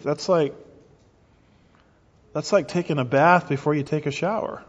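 A middle-aged man preaches emphatically in sermon-style teaching, his voice on the high side, a little slow, and marked by frequent pauses. He poses rhetorical questions and restarts his phrases, heard on a muffled recording with long reverb.

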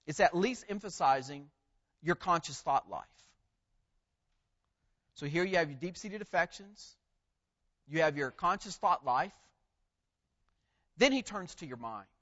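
A man with a high-pitched voice preaching in a measured, emphatic way. He lingers on key words and leans into each phrase. The sound is a little dull and muffled. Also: a bit bright. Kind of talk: sermon.

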